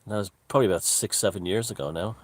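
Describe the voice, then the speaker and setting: A man hosting a casual live stream from a room at home, greeting viewers and chatting in a relaxed way. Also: on the low side, fast talker, a little hiss or hum. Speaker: livestream host. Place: room at home with the window open.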